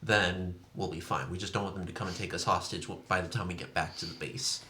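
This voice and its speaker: A man's voice: deep voice, fairly even intonation, quick pace, pushed and bright, roomy sound. A man playing a tabletop role-playing game, talking through plans in a matter-of-fact way. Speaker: player. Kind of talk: tabletop role-play chat.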